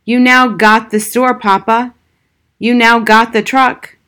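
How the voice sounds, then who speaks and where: A woman reading aloud voices a sullen eighteen-year-old son asking flatly in broken English. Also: fairly high pitch, takes it slowly, voice pushed up.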